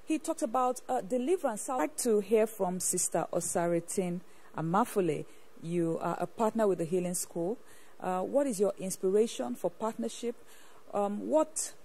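A woman's voice: mid-range voice, mellow, slightly rough. A woman hosts a church program and interviews ministry partners, affirming them and asking several questions in a row.

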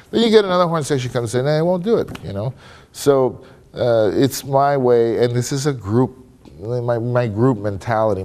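A man with a fairly low, mellow voice joins a casual panel discussion as a guest trumpet player. Before an audience in a conference room, he chats loosely and candidly, dropping "you know" and "man" throughout.

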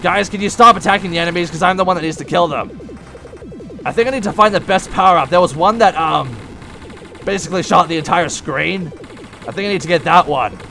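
A young man giving casual gameplay commentary, breaking into frustrated, yelling outbursts at the game. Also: high voice, a little fast, vocal fry, soft background music. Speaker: let's play gamer.

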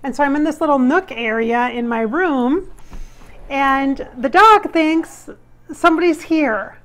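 A woman's voice: high-pitched, a little slow, a bit bright. Chatty woman vlogging from her bedroom. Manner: chatty and rambling, keeps breaking off to call the dogs. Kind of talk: casual home vlog. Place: small nook in her bedroom. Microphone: phone camera.

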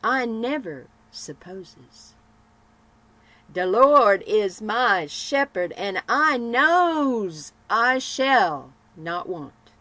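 A woman voicing a joyous, faithful working woman who speaks in homespun, folksy grammar, slowly and with firm emphasis. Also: on the high side, sing-song, bright, forceful tone, full character voice.

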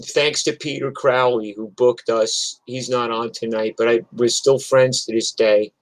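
A man's voice: medium pitch, fairly even intonation, unhurried, dry recording, low-quality recording. An older man from New York telling rambling, profane stories in casual chat on a livestream. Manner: rambling, profane, chatty with restarts. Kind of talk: casual storytelling.

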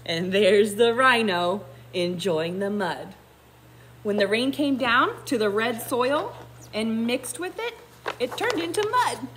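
A woman kindergarten teacher reading a picture book aloud, pausing to explain in a gentle, thinking-aloud way. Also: fairly high pitch, animated.

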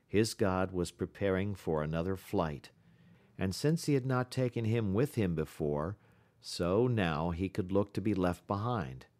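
Male audiobook reader, measured storytelling, lowish voice. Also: animated, a little mellow. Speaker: audiobook narrator. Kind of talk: scripted audiobook narration.

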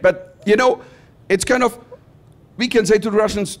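A man's voice: sits high, moderate pace. A German man with a German accent performing a stand-up comedy routine in English, telling stories with mock-pompous, self-deprecating punchlines. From Bavaria, southern Germany.

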